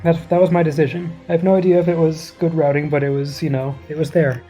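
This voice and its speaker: A man being interviewed after a race, relaxed and easygoing, a bit hesitant. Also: a little high, fast talker, soft background music. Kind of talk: casual post-race interview.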